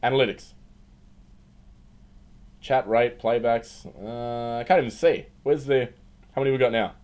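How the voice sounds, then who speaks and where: A man's voice: mid-range voice, unhurried, a little mellow. Rambling young Australian man streaming. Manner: rambling, joking, with frequent fillers and restarts. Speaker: livestream host. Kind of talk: casual livestream chat reading viewer comments. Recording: faint music behind. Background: faint background music.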